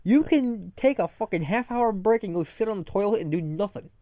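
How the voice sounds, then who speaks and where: Rambling profane young man, animated. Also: high voice, brisk, no echo, lo-fi sound. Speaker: podcast co-host. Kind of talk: casual rant.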